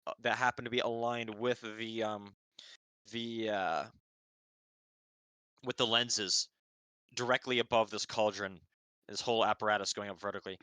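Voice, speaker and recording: A man narrates a fantasy scene as the dungeon master of a live-streamed tabletop game. His voice is bright and crisp. He wanders through fillers and half-finished words as he describes the action. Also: lowish voice, fairly even intonation, moderate pace, long pauses, dry recording. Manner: rambling with many fillers and restarts. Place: home setup, streamed live.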